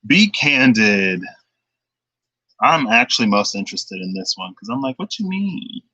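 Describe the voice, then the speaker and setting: Young male tarot streamer, rambling casual chatter, bright forceful tone, close dry sound. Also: fairly low pitch, a little slow, no room sound, dull audio. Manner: rambling, chatty, laughs often, lots of fillers. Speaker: tarot card reader. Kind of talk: casual livestream chat. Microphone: laptop webcam.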